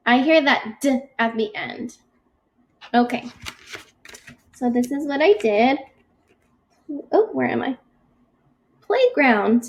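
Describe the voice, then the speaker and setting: Woman, high voice, teacher of young kids, slow and patient, sounds out words carefully. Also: animated. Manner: stretches words out slowly when sounding them out; encouraging, patient. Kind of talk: slow, gentle classroom instruction for young children.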